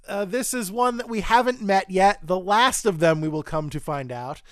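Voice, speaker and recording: A man's voice: high voice, moderate pace, clean tone, no echo, studio quality. A man hosting a podcast, recapping an episode casually and chattily, quoting characters as he goes and often restarting his phrases. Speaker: podcast host.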